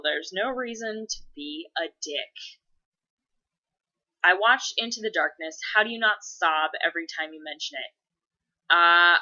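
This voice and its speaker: A woman's voice: lowish voice, sharp tone, lo-fi sound. A woman in her thirties chatting casually to camera, swearing freely and wandering off on tangents. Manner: profane, rambling, tangent-prone. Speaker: mother answering viewer questions. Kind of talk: casual vlog chat.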